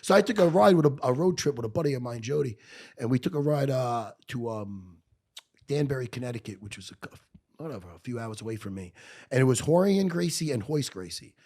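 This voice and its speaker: Gravelly, profane New man telling stories. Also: mid-range voice, a little fast. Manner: profane, animated, blunt. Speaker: podcast guest. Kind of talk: storytelling in conversation. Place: podcast studio.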